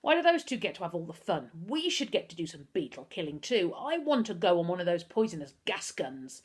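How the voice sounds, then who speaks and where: A woman's voice: fairly low pitch, very animated, a little fast, breathy edge. A woman voicing a whiny, spiteful grown man who whines and shrieks. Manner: whining, shrieking.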